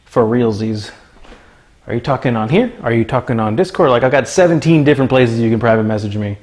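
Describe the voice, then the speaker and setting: Cooking on a relaxed livestream in his home kitchen, a young man from Florida speaks in an expressive, slightly mellow mid-range voice at a brisk clip. He banters with viewers and calls out their names.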